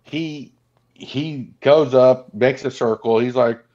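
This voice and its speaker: A man's voice: mid-range voice, dark tone. A man co-hosting a podcast, casually recapping a film and acting out its lines. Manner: retells scenes acting out lines in quick voices. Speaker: podcast co-host. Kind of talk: casual movie recap chat. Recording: dull lo-fi sound.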